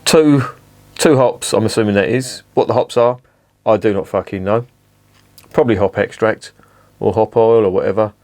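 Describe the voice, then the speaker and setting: A middle-aged man with a somewhat low voice, talking straight to camera in a casual review. He swears constantly and grumbles with sarcastic exasperation. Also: normal speed, long pauses, darkish tone. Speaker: beer reviewer. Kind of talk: casual beer review vlog.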